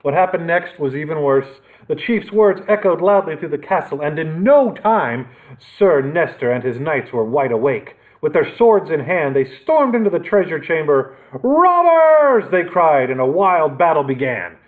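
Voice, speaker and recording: Expressive man reading a children's story. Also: fairly high pitch. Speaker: children's librarian, story reader. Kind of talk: storytime read-aloud narration. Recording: tinny phone-like sound.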